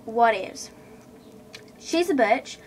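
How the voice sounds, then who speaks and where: A woman's voice: a little high, expressive, extremely slow, slightly rough. A teenage girl telling a storytime rant to camera in an indignant, chatty way, full of fillers. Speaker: vlogger.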